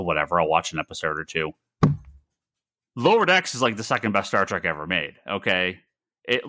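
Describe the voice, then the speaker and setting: A man's voice: on the low side, pushed and bright, no echo, clean studio sound. A man co-hosting a comics podcast, ranting in casual chat, swearing and acting out his own past reactions. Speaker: podcast co-host.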